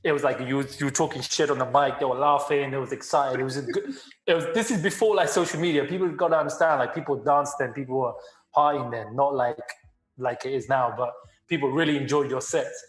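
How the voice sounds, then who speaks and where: A man co-hosting a podcast, telling a story in a casual, animated way with frequent laughs and swearing. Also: mid-range voice, fast. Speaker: podcast co-host. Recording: roomy echo.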